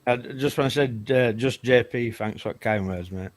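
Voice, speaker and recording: A man's voice: mid-range voice, moderate pace. A man with a South Yorkshire accent, a nervous first-time guest chatting on a livestream. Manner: nervous, hesitant. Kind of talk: casual livestream chat.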